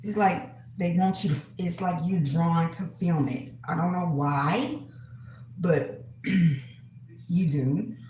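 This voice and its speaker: A woman hosting her own channel, talking casually to viewers in a halting way, with many pauses and fillers and frequent throat-clearing. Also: lowish voice, warm tone, reverberant, slight background noise, low-quality recording. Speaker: spiritual reader, channel host. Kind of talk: casual monologue to camera.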